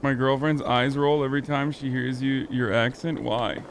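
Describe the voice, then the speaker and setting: A man's voice: mid-range voice, steady tone, normal speed, slight background noise. A male streamer giving joking, self-mocking commentary while playing a video game. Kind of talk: gaming livestream commentary.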